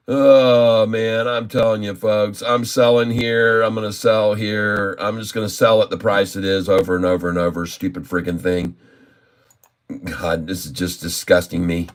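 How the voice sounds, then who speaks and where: A man's voice: fairly low pitch, flat delivery, normal speed, a bit bright. Day trader guy muttering and swearing at his screen, casual vlog talk. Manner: grumbling, cursing, exasperated muttering. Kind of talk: casual live trading commentary.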